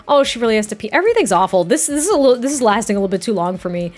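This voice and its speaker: A woman's voice: on the high side, very fast, few pauses, soft background music. A young woman giving casual, chatty let's-play commentary, reacting and laughing often. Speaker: game streamer.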